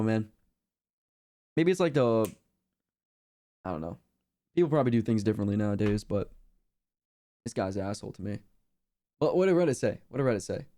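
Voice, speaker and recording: A man's voice: fairly low pitch, mellow. A young man streaming casually, rambling in a laid-back slangy way with lots of fillers. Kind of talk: casual reaction chat.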